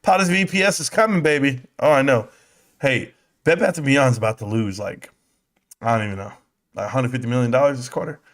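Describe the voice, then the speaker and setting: A man's voice: mid-range voice, brisk. A middle-aged man hosting a casual live stream, brash and joking as he trash-talks, out of breath.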